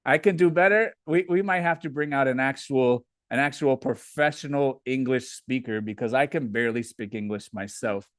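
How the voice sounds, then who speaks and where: A man's voice: medium pitch, moderate pace, hardly any pauses, no room sound. A man from Indiana, hosting a casual live Q&A and reading viewer comments aloud before answering them. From Indiana, USA. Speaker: livestream host.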